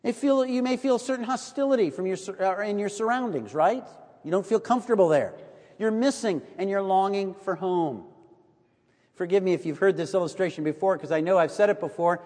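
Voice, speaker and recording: Middle-aged man, american, sermon, storytelling, high voice, long hall reverb. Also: fairly quick. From United States. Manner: storytelling, animated, drops to a hush for emphasis. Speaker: preacher.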